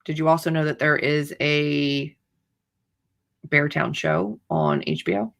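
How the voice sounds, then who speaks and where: A woman's voice: low voice, big pitch swings, unhurried, a bit bright. A woman author hosting a livestream, chatting casually in a rambling, playfully dramatic way. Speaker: author hosting writing sprints.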